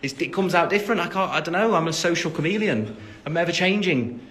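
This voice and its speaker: A man's voice: a little high, animated, quick pace, a bit bright. Rambling young English man on a livestream. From England, West Midlands. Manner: chatty and rambling, reads out fan questions, many ums. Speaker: singer answering fans on a livestream. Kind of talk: casual live-stream Q&A.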